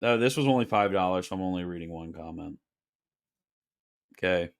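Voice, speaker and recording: A man with a somewhat low voice reads viewer questions aloud on a casual livestream. He answers in a loose, wry way, trailing into joking asides and laughing often. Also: fairly quick, gravelly. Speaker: streamer reading viewer questions.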